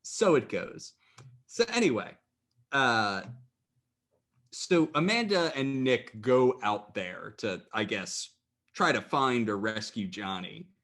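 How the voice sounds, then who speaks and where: A man's voice: mid-range voice, expressive, takes it slowly, a bit bright. A man co-hosting a casual rewatch podcast, recapping the plot with wry, dry jokes. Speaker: podcast co-host.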